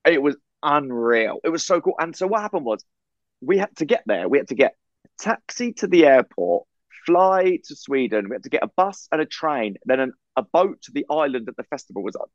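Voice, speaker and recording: A man from England, co-hosting a podcast, telling a story in a casual, animated way over a video call. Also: fairly high pitch, brisk, no room sound, lo-fi sound. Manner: animated storyteller, acts out quoted voices. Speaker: podcast co-host.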